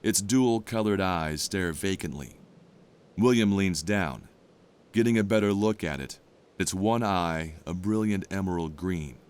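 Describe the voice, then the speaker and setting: Deep-voiced male drama narrator. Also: a little mellow, clear, resonant tone. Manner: measured, descriptive. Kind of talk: scripted narration of an audio drama.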